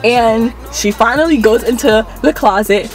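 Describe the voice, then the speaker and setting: A young woman with a fairly high voice tells a storytime vlog in an animated, dramatic way. She is slangy and profane, with soft music faint underneath. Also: a little slow, far from the mic. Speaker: vlogger.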